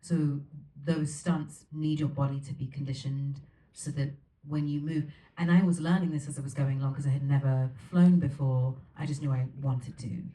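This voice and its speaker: Low-voiced woman answering on a theater stage. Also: fairly even intonation, normal speed, few pauses, mellow. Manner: earnest and reflective, laughs easily. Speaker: featured guest in a Q&A. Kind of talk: onstage Q&A answers. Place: theater stage before an audience. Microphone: recorded from the audience, far from the stage. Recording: echoey theater from far off, faint noise.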